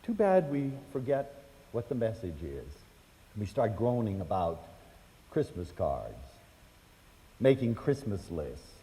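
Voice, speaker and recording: Animated older man telling stories. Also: lowish voice, slow, pauses often. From United States. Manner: animated, acts out quoted voices, chatty fillers. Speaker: speaker telling personal stories. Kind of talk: storytelling lecture to an audience. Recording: hall reverb.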